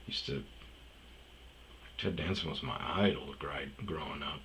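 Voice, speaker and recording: A man's voice: a bass voice, a little slow, long pauses, a bit bright, slight background noise, low-quality recording. A man telling a personal story in casual, rambling talk, swearing often and filling gaps with ums and uhs. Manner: rambling, heavy swearing, many fillers. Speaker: storyteller host.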